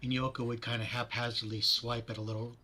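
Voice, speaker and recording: A man playing a tabletop game, thinking aloud in a halting way. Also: mid-range voice, flat delivery, bright, forceful tone. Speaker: player. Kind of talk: casual chat at a game table.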